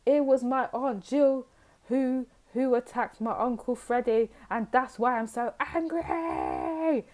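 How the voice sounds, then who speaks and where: A woman's voice: on the high side, wildly swooping pitch, takes it slowly, darkish tone, voice pushed up, full character voice. A woman putting on the voice of a tearful troubled teenager blurting out family secrets. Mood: distraught.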